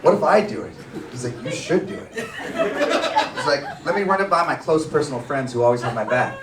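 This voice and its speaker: A man's voice: medium pitch, animated, moderate pace, roomy sound, recorded from a distance, over a noisy crowd. A Canadian man doing a crude, rowdy stand-up comedy set on a sports bar stage. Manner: crude, rowdy storytelling with lots of swearing.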